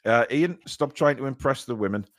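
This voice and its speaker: A man's voice: mid-range voice, lively intonation, fairly quick, dry recording, studio quality. A man co-hosting a casual fan chat show, speaking hesitantly with many ums and repeated words, sore and a little shaken. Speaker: co-host of a football fan show. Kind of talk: casual live-stream chat.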